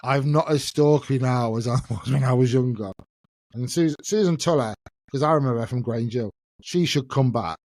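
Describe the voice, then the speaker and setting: A man hosts a casual solo podcast, rambling and laughing at himself as he goes. His voice sits at an everyday middle pitch. The sound is dry and close, with no room echo. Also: normal speed, a little mellow. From England. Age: 50s. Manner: chatty, self-mocking, laughs often. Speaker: podcast host.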